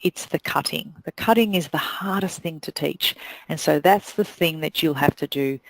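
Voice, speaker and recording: A woman's voice: deep voice, moderate pace, creaky, dry recording, poor audio. A middle-aged woman with a New Zealand accent, giving a blunt, direct motivational talk to salon owners and hairdressers. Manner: blunt, direct, acts out quoted voices. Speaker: salon business coach.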